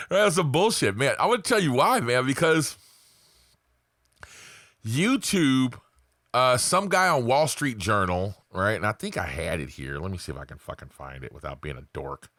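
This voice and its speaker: A man's voice: medium pitch, big pitch swings, normal speed, a bit bright, dry recording, clean studio sound. A man vlogging to his viewers in a casual motivational rant, emphatic and profane, peppered with "man" and "right". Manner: fillers like "man" and "right", rambling.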